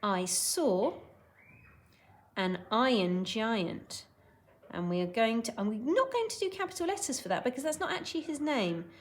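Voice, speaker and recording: A woman primary school teacher giving a recorded lesson, dictating sentences clearly and word by word. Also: sits high, sing-song, fast talker, hardly any pauses.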